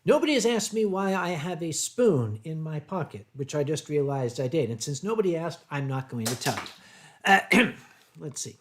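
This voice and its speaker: An older American man hosting a livestream, answering viewer chat in a rambling way with deadpan humor. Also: fairly high pitch, normal speed. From United States. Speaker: livestream host.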